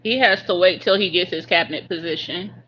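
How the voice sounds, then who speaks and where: A woman's voice: on the low side, fairly quick, husky. A woman calling into a livestream, speaking in a dry, sarcastic manner. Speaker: caller on livestream. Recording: dull remote call audio.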